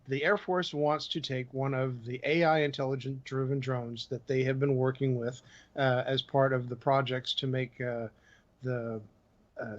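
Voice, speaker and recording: A man's voice: medium pitch, lo-fi sound. A man co-hosting a casual livestream, reading out tech news with frequent ums and uhs. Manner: reads news items with many ums and uhs.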